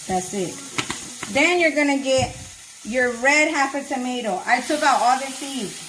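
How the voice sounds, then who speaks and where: A woman with a slightly high voice walks viewers through a home recipe in loose, slangy, excitable talk. Her kitchen is noisy, with food frying and sizzling clearly behind her. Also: a little slow. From Miami-Dade, Florida. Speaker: home cook vlogger. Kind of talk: casual cooking demo.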